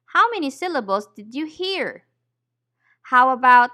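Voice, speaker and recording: A woman teaching English pronunciation, saying each word deliberately and clearly. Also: high-pitched, very animated, bright, forceful tone. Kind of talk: slow, careful pronunciation lesson.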